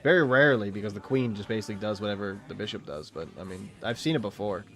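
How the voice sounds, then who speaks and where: A man's voice: lowish voice, fast, a bit bright, soft background music. A man in his late twenties streaming a game, rambling in casual, profane commentary and chatting with his viewers and the game's animals. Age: late 20s.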